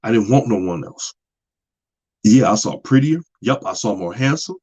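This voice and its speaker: A man's voice: fairly low pitch, animated, moderate pace, warm tone, husky. A man talking in a casual monologue about relationships, plain-spoken and preachy, repeating his points. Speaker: podcast host.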